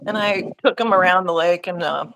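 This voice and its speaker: A woman's voice: lowish voice, fairly quick, a bit bright, poor audio. A middle-aged woman from Missouri, a giggly, chatty guest on a casual livestream.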